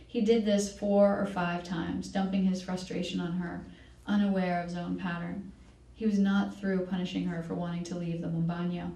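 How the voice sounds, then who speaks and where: At a library event, an author reads a passage from her novel, her dark, low voice carrying a gravelly fry and little pitch movement. She keeps a measured pace and corrects herself now and then, sounding distant in a room full of echo.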